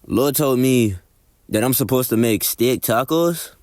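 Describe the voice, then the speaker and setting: A man's voice: mid-range voice, a little slow. A young man narrating a cooking video in a joking voice-over, putting on a mock accent and sprinkling in Spanish words. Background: music.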